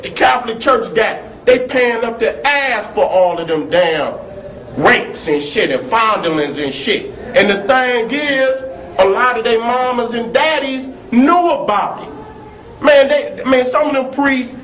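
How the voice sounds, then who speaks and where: A man talking heatedly and profanely, telling stories between laughs and rants. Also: very high voice. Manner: animated, profane, storytelling with laughs. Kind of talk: heated talk. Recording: echoey room with faint noise.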